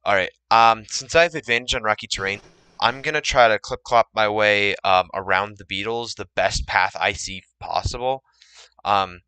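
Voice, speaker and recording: A man's voice: lowish voice, moderate pace, bright, forceful tone, smooth, no room sound, poor audio. A man playing a tabletop game with friends, asking tentative questions about his moves. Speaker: player. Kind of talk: casual tabletop play chat.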